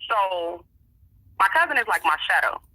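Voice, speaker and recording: A woman's voice: mid-range voice, big pitch swings, moderate pace, bright, forceful tone, slight background noise, poor audio. A woman being interviewed, telling a story in casual, emphatic, profane talk and acting out what other people said. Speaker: interview guest.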